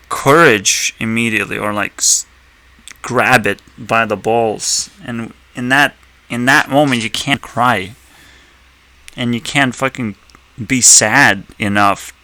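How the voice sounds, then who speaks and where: Male reaction commentator: unhurried delivery, rambling and profane, laughs a lot. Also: mid-range voice, sharp tone. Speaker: video commentator.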